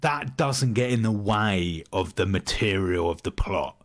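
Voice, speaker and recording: Low-voiced British man making his point. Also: animated, unhurried. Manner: opinionated and explanatory, calls his friend mate. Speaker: podcast co-host. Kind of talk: casual chat.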